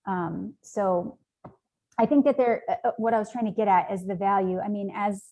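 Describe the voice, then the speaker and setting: This woman's voice is medium-pitched and mellow, with a moderate pace. She's an interview guest who founded a nonprofit, and in the conversational exchange she rambles earnestly, using frequent ums and likes.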